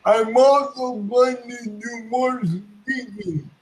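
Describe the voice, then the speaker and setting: A man joins a live stream over a video call, speaking in an unusually high voice. He talks very slowly and deliberately, stressing his words and going back over the same phrases. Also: roomy sound, poor audio. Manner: slow, deliberate and emphatic, with a lot of repeating himself. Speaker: guest joining the live stream. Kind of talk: casual live-stream chat.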